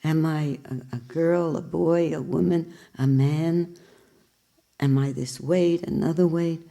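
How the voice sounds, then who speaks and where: Older female spiritual teacher, low warm voice, reflective, questioning, lightly humorous. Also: fairly even intonation, takes it slowly, gravelly. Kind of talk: spiritual talk to a group.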